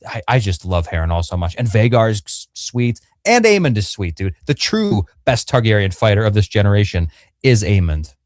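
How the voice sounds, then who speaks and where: A man's voice: on the low side, big pitch swings, normal speed, no room sound, studio quality. A man co-hosting a casual livestream review, talking in a joking, emphatic, playful way. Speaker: podcast co-host. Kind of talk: casual fan review chat. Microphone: livestream microphone.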